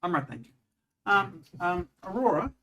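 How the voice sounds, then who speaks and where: A man's voice: high voice, big pitch swings, moderate pace, pushed and bright, recorded from a distance, voice pushed up, full character voice. A man playing a curt young female guard. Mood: wary. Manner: plain voice, no attempt at a female voice.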